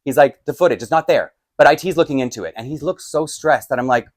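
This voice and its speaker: A man telling a storytime vlog, acting out both sides of a heated argument and getting loud. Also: mid-range voice, lively intonation, quick pace, few pauses, no room sound, clean studio sound. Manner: lots of fillers and restarts, laughs between lines. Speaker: doll collector vlogger. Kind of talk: storytime vlog, animated retelling. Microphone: desk microphone.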